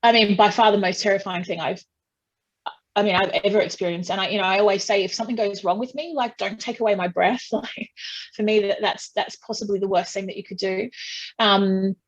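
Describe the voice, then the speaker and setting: A woman's voice: mid-range voice, steady tone, fairly quick, highs cut off. A woman with an ordinary mid-range voice, telling a personal story as an interview guest. She speaks frankly, with frequent fillers, restarts and a wry, self-deprecating edge.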